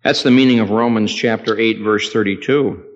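A man preaching a sermon with strong emphasis, his voice swelling loud and high on key words and then dropping low, telling a story with acted dialogue. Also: fairly even intonation, moderate pace. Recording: echoey hall, dull lo-fi sound.

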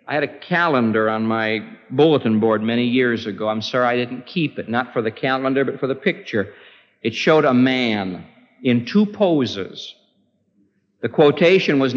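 A man preaching a sermon with impassioned, pleading delivery, his voice climbing high in prayer. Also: moderate pace. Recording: dull lo-fi recording with long hall reverb.

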